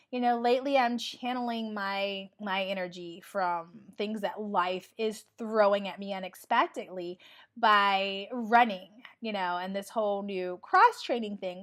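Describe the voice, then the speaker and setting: A woman in her forties talking casually in a motivational vlog, chatty and animated, acting out what people say. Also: medium pitch, unhurried. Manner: chatty and animated, acts out quoted lines. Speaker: vlogger.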